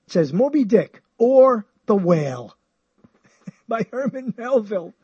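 A man hosting a show, talking about books in a rambling, animated way, often chuckling and swinging his pitch high and low. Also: slow, slightly rough, no room sound, muffled recording. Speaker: show host. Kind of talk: rambling radio-style talk about books.

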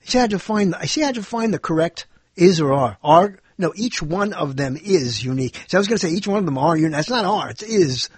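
A man's voice: high voice, expressive, fast, breathy edge, no room sound. A middle-aged man hosting a podcast, rambling through a solo monologue, correcting himself and chuckling as he goes. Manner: digressive, self-correcting, chuckles often. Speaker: podcast host.

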